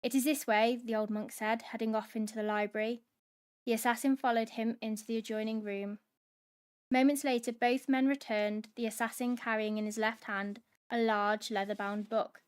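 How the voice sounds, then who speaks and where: A woman hosting a book club, reading a novel aloud in steady dramatic narration. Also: a little high, normal speed, clean tone.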